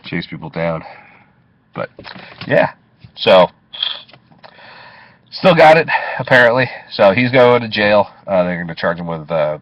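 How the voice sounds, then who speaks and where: Low-voiced cab driver telling a story. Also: male voice, creaky. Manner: profane, chuckling storyteller. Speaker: taxi driver. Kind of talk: casual storytelling. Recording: dull lo-fi recording.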